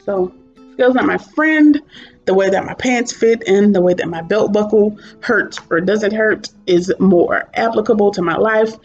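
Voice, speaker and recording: A woman talks straight to her camera in a loose, candid vlog, drifting into chatty asides. Her voice sits at a middling pitch. The recording is muffled and lo-fi, with faint guitar music underneath. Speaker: vlogger. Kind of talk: casual talking-head reflection. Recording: dull lo-fi sound with soft guitar music behind.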